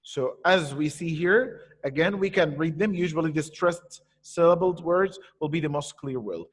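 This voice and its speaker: A man's voice: on the high side, husky. A man teaching an online poetry lesson, patiently explaining and repeating key points. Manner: patient, explains slowly with repetition. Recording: echoey room with long reverb.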